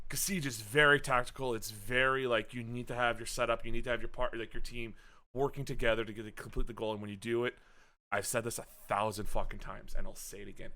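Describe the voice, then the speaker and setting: A man on a casual gaming podcast with a bright, forceful tone that sits at an ordinary pitch. He talks in an animated, rambling way, swears freely and restarts his sentences often. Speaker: podcast co-host.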